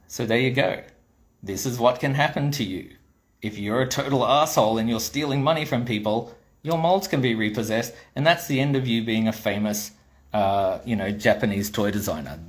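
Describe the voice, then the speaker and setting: A man's voice: fairly low pitch, a little fast. A middle-aged Australian man who designs toys, telling a blunt, swearing story in a casual monologue, acting out the dialogue as he goes. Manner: blunt and swearing, animated retelling with quoted dialogue. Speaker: toy designer.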